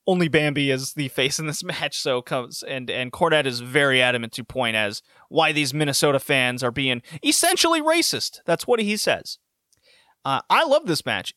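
A man's voice: mid-range voice, sharp tone, no room sound, studio quality. A man giving a casual, opinionated recap of wrestling matches, sarcastic and prone to restarting his sentences. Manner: sarcastic, opinionated, frequent self-corrections. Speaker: wrestling show reviewer.

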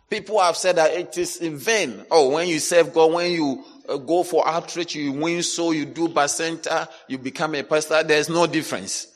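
A male pastor preaching a sermon, animated, dropping to low asides and rising to loud shouted lines as he acts out complainers. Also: moderate pace, hardly any pauses. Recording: long hall reverb.

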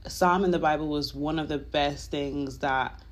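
A podcast host speaking in a mid-pitched voice, talking openly about faith in a loose monologue. The delivery is earnest and confessional. It rambles along with plenty of filler phrases. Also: fairly even intonation, unhurried. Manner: emotional, confessional. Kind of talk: casual faith talk monologue.

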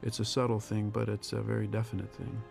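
Flat, gravelly man giving film commentary. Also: on the low side, over music. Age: 60s. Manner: reflective, measured, with pauses and restarts. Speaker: film director. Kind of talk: audio commentary.

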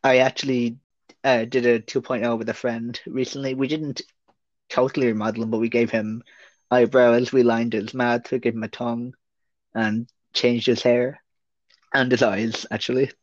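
A man's voice: mid-range voice, flat delivery, moderate pace, dry recording. A young Irish man, a guest on a podcast, talking casually and rambling with lots of hesitations. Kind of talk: casual interview chat. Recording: dry, muffled lo-fi audio.

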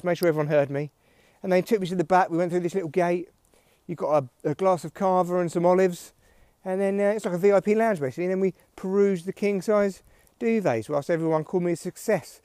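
Man, self-mocking podcast monologue, fairly high voice, dry close sound. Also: a little fast, few pauses, warm tone, no echo. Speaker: podcast host. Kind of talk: solo comic monologue.

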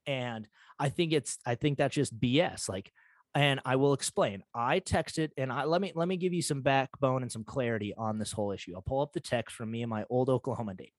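A man's voice: mid-range voice, a little fast, no room sound. A young man hosting a solo podcast, telling a story in a rambling, defensive way full of "like" and "uh". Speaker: podcast host. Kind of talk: casual solo podcast talk.

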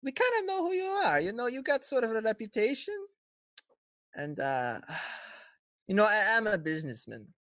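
Someone voicing a smug scheming merchant, glib and wheedling, swooping lively pitch, dry close sound. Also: moderate pace, long pauses, no room sound. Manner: glib, wheedling, peppered with "you know". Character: smug scheming male merchant who hates confrontation.

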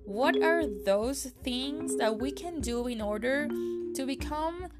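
A woman's voice: sits high, animated, slow, loud music behind the voice. A woman hosting a podcast, giving an earnest, encouraging monologue with reflective questions. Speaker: podcast host.

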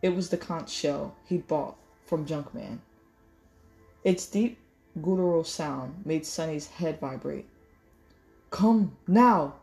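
A woman reading a novel aloud in measured storytelling, correcting small slips as she goes. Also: deep voice, gravelly, dark tone, faint music behind. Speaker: audiobook reader.

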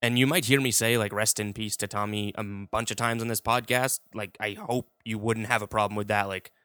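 A man's voice: on the low side, steady tone, a little fast, fairly bright tone, clean tone, no room sound, studio quality. A man hosting a podcast, talking in a rambling, heartfelt way with many fillers. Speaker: podcast host. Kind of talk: casual podcast monologue.

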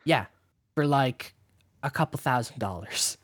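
A podcast co-host in a loose, joking chat. The pitch swings widely from word to word and sits at a middling level. Now and then they stop to explain something for the listeners. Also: animated, measured pace, no echo, clean studio sound. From Canada. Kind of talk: casual chat.

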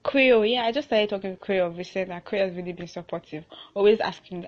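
A woman's voice: medium pitch, fast, muffled recording. A young woman with a Nigerian accent, hosting her own casual podcast. She chats loosely, restarts often and laughs between thoughts. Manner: chatty, with frequent restarts and laughter. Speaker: podcast host.

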